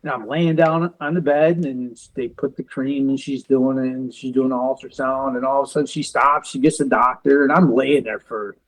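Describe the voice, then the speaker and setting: A man in his forties, a veteran and police officer, tells a personal story in an interview, quoting others in quick back-and-forth exchanges. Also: medium pitch, fairly even intonation, rough recording. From United States. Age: 40s. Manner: quotes others in quick back-and-forth, uses car comparisons.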